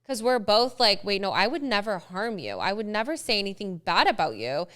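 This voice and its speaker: A young woman co-hosting a podcast, telling a story in a casual, animated way, acting out quotes and saying "like" a lot. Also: medium pitch, fairly quick, clean tone. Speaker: podcast co-host. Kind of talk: casual chat.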